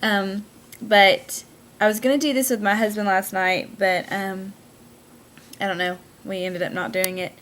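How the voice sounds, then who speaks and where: Slow, hesitant Southern woman. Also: mid-range voice, fairly even intonation, fairly bright tone. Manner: hesitant, full of "um" fillers. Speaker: vlogger. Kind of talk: casual solo vlog, reading a word list.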